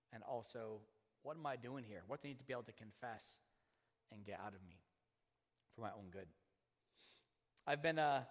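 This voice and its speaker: A man in his thirties preaching a sermon, telling a personal story and acting out the voices of the people in it. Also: medium pitch. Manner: animated storyteller who acts out quoted voices. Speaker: pastor. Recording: hall reverb.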